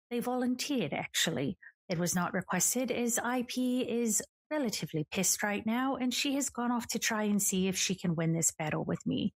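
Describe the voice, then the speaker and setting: Liam, a woman doing a smug, polished gentleman. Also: lowish voice. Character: suave, smug male gentleman who calls people darling. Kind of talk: voicing characters in a tabletop game.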